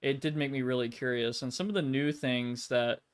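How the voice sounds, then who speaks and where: A man's voice: medium pitch, steady tone, moderate pace, smooth. A man hosting a casual gaming stream, rambling and swearing a lot with plenty of filler words. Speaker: streamer host.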